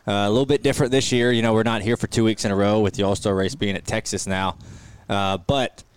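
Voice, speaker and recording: Laid-back low-voiced young man hosting. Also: steady tone, fast, smooth, no room sound. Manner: laid-back, laughs easily, many fillers. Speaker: podcast host. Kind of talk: casual podcast chat.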